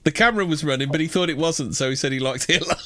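A man's voice: a little high, a bit bright. A man in crude, casual podcast banter, joking and mocking. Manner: joking, mocking, quick to laugh.

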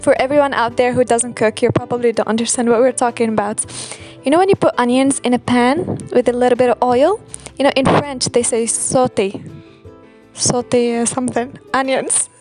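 A woman's voice: on the high side, fairly even intonation, moderate pace, darkish tone, faint music behind. A young Algerian woman with an Algerian accent and American-learned English, co-hosting a casual podcast with playful asides and frequent laughs. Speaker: podcast co-host.

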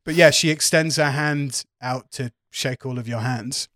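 A man narrating as game master of a tabletop game in a calm, measured way. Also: mid-range voice.

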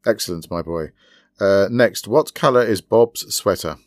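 A man voicing a courteous, enigmatic older male sleuth who asks polite, measured questions. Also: on the low side, dry recording, studio quality, natural voice.

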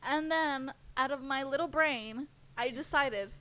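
A young woman co-hosting a podcast in casual chat, playful and quick to giggle. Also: sits high, fairly bright tone. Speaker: podcast co-host.

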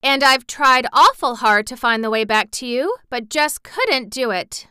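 A woman's voice: high-pitched, expressive, unhurried, sharp tone, clean tone, no room sound, studio quality, voice pushed up, exaggerated voice. A woman doing an eager little girl. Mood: earnest.

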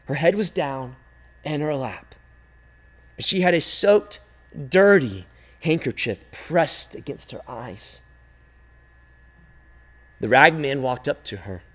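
A man tells a story at an unhurried pace with a high, lively voice. He swings from loud calls to hushed, near-whispered lines and draws every phrase out for effect. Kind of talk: dramatic storytelling.

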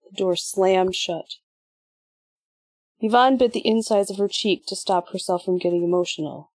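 A woman reading an audiobook in measured, even scripted narration. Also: mid-range voice, husky, dry recording.

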